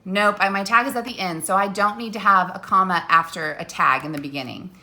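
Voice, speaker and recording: A female teacher patiently explains a lesson to young children at a slow pace, her medium-pitched voice bright and clear. After every step she checks in with "okay?" or "right?", and sometimes she moves off the mic while turning to write on the board.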